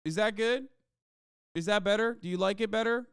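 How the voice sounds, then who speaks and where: A male streamer rants with heat and plenty of swearing into a close, dry mic. His voice sits fairly high for a man and comes through smooth and clear. He talks with no room echo at all. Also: moderate pace. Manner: heated, profane ranting. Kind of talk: livestream commentary.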